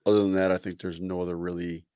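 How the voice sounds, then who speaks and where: A man's voice: low-pitched, level tone, fast talker, warm tone, no room sound, studio quality. A man co-hosting a casual sports podcast, laid-back, using fillers as he reels off stats and rumors. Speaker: podcast co-host.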